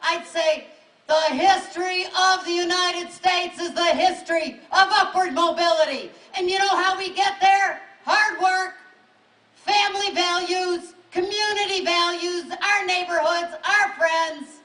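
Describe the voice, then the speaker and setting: A congressional candidate from Western New York, speaking in the regional accent, fires up an outdoor rally with an emphatic speech of punchy, repeated lines. Her voice is extremely high and sharp, with fairly even intonation and a measured pace. Picked up from a distance, the audio echoes and carries crowd noise.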